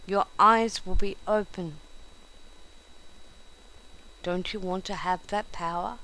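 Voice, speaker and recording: A woman voicing a sly talking snake that tempts with soft, hushed coaxing in a spoken storybook. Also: on the low side, fairly even intonation, slow pace, heavily acted, rough recording. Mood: insistent coaxing.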